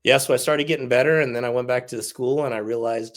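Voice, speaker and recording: A man in his forties, an army veteran, speaks as a guest in a candid interview. He talks bluntly and swears freely, laughing through the hard parts of his story. His voice sits at a middle pitch. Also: fairly even intonation, moderate pace. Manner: frank and profane, laughs through hard stories.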